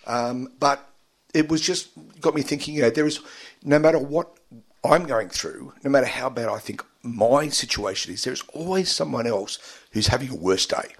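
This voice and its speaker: A man, a guest in a radio studio interview, telling his story haltingly with many fillers and getting emotional at times. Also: mid-range voice, husky.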